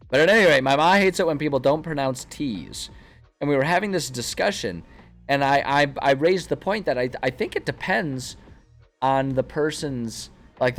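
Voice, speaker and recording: A man in a casual stream chat, talking at an ordinary middle pitch as he drifts from one digression to another and restarts his sentences. Faint music plays quietly behind him. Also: animated, normal speed. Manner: rambling, self-interrupting, chatty.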